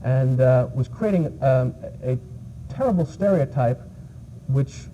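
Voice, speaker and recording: A man from New York, a visiting English teacher, answers an interviewer in a dark, very mellow voice. He stops often on uh and um while he gathers his thoughts. The sound is dull and muffled, with a faint hiss behind it. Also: mid-range voice, animated, a little slow. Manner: hesitant, many fillers.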